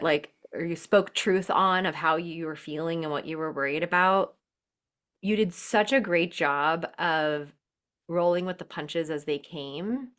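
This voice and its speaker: A woman hosts a podcast conversation, praising her guest and addressing the audience. Her voice sits a little low in pitch. The talk is casual and affirming. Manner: warm-hearted, affirming, addresses listeners directly. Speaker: podcast host and birth worker. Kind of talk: casual interview chat.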